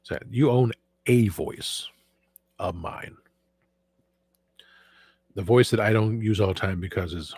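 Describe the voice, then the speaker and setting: Brief: male stream host, low and hoarse, rambling, dry close sound. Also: slow pace, long pauses, darkish tone, no room sound. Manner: rambling, with frequent restarts and self-corrections. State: hoarse from a sore throat. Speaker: show host. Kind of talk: casual livestream chat.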